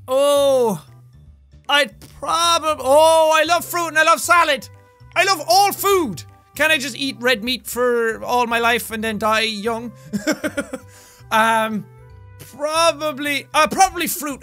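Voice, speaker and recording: A young man with an Irish accent, talking straight to his audience as a gaming YouTuber in an energetic, rambling way, breaking into bursts of yelling. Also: very high voice. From Ireland. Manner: animated, loud bursts of yelling, rambling asides. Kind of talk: energetic casual commentary to camera.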